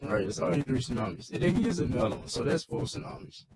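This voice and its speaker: A man's voice: mid-range voice, animated, rapid-fire, noisy background. A man casually recapping a wrestling show in a loose, rambling, swearing rant.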